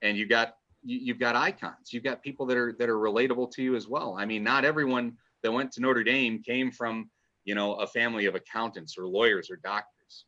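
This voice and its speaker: On a casual podcast, a male guest who writes fan work talks with eager rambling and frequent restarts. He has a medium-pitched, sharp voice with fairly even intonation and a slightly fast pace, captured in dull lo-fi audio.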